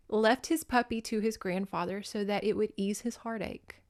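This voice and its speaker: An American woman hosts a podcast, casually chatting about a book she's reviewing. Her mid-range voice keeps a fairly even intonation at an unhurried pace, though she's teary and crying, swearing often and breaking into tearful laughter.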